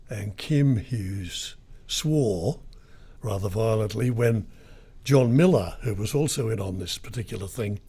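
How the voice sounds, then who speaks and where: Husky older Australian raconteur. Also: male voice, fairly low pitch, warm tone. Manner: rambling storyteller, lots of ums and restarts. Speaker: retired radio broadcaster, guest. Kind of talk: anecdotal interview chat.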